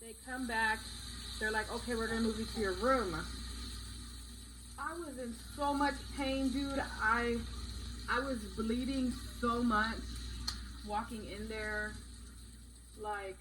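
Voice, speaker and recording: A young woman casually retelling a story in a vlog, blunt and animated, swearing often. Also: on the high side, takes it slowly, long pauses, background noise. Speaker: vlogger.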